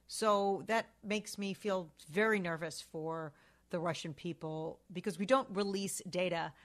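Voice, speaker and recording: Woman talk show co-host, lower voice, chatty, opinionated, sarcastic news banter. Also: a little slow.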